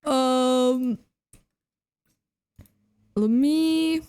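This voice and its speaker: Woman streamer for game commentary, playful, laughs a lot, slow and mellow delivery. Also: high voice. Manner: playful, laughs often, talks to viewers.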